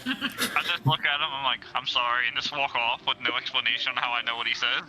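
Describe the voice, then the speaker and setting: A man's voice: medium pitch, fairly even intonation, quick pace, sharp tone, a little hiss or hum, rough recording. A man playing a tabletop game, asking offhand questions about his spells. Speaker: player. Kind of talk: casual tabletop play.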